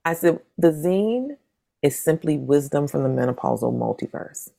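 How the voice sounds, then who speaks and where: Very deep, gravelly-voiced woman storyteller. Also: normal speed. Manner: animated, acts out quoted voices with big pitch jumps. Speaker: interview guest, zine maker. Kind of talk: casual storytelling conversation.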